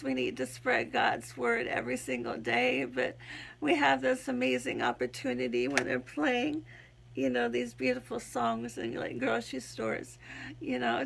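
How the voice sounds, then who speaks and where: A woman's voice: high-pitched, vocal fry, a bit bright, slightly rough. A woman in her sixties with a Southern accent, giving an earnest religious testimony on her video channel and often breaking into giggles. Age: 60s. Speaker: YouTube Christian vlogger.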